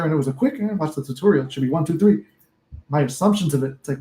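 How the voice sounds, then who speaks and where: A man's voice: a little high, racing, mellow, low-quality recording. Rambling, profane man on a live stream. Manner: rambling, profane, laughs often, acts out inner voices. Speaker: manifestation coach, live streamer. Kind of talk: casual live-stream chat. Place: home office.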